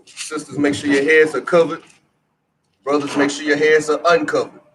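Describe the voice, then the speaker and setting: A man's voice: on the high side, flat delivery, moderate pace, fairly bright tone. A man leading a congregation through its prayers, giving instructions and then chanting lines for the congregation to repeat. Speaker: prayer leader. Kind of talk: call-and-response congregational prayer. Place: congregation hall. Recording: distant mic with congregation noise.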